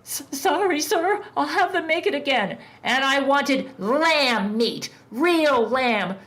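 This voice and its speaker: A woman's voice: sits high, expressive, takes it slowly, fairly bright tone, pitched above the performer's own voice, heavily acted. A woman voicing a nervous diner waitress who speaks shakily and timidly. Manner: shaky, timid.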